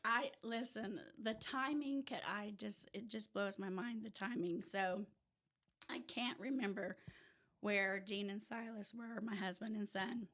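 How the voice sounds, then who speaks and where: A woman from rural Oklahoma with an Oklahoma accent, a podcast guest telling her personal story in casual chat, lively and sometimes dropping to a near-whisper. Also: mid-range voice, unhurried. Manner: animated storyteller who drops to a hush at tense moments. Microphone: audio-only podcast mic.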